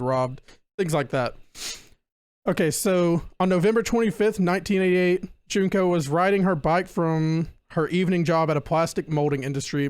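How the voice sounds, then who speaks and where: A man's voice: a little high, no room sound. A young man hosting a casual podcast. He laughs often and stumbles over names while reading from his notes. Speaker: podcast host presenting a case.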